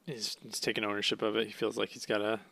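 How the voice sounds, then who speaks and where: A man co-hosting a podcast, reacting with laughs and animated banter while recapping episodes. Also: fairly low pitch, fast, gravelly, husky. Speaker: podcast co-host. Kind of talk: casual chat recapping episodes.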